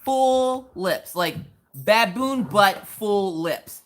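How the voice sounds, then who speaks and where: A woman's voice: mid-range voice, animated, extremely slow, a little hiss or hum. A woman chatting casually to viewers during a home livestream, telling stories and acting out quotes. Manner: chatty storytelling, acts out quotes, talks to chat. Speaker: livestream crafting host.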